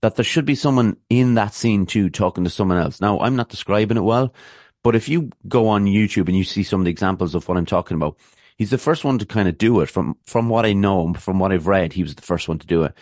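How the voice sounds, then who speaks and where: A man's voice: lowish voice, fast talker, darkish tone, dry recording, studio quality. A man, hosting a podcast and chatting loosely about his favourite films, with many restarts and fillers. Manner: rambling, full of restarts and fillers. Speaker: podcast host. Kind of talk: casual film talk.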